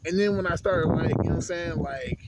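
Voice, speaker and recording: A man's voice: high-pitched, fairly even intonation, brisk. A young adult man venting in a casual vlog, profane and full of street slang. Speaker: vlogger. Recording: loud background noise.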